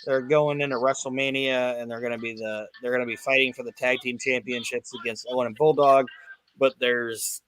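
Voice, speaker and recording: A man's voice: medium pitch, steady tone, fairly quick, a bit bright, a little hiss or hum. A man hosting a casual chat, retelling events loosely with lots of swearing and fillers. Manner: loose, profane storytelling with fillers. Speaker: podcast host.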